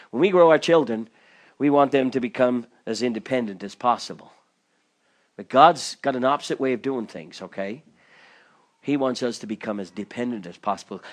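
A man preaching a sermon, moving from loud, fervent pleading to soft, low confiding, with folksy personal asides and casual voices for the people in his stories. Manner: acts out scripture characters in casual voices. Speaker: pastor.

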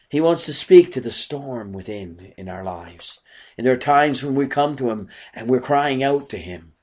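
An earnest man preaches a sermon. His voice sits at an ordinary middle pitch. He keeps asking his listeners rhetorical questions. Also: expressive, normal speed, darkish tone.

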